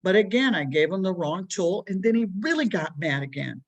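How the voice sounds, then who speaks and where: A woman's voice: lowish voice, very animated, fairly quick. A woman voicing an upset young boy who blames himself for trouble at home, speaking tearfully. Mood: sad. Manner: tearful, pleading.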